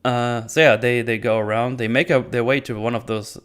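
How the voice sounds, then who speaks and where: A man with a smooth, resonant voice at an ordinary pitch talks through a movie plot as if chatting with friends. He rambles and swears freely, restarting sentences as he goes. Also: steady tone, a little fast, fairly bright tone. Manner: rambling, profane, with frequent restarts. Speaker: movie review channel host. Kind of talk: casual movie recap.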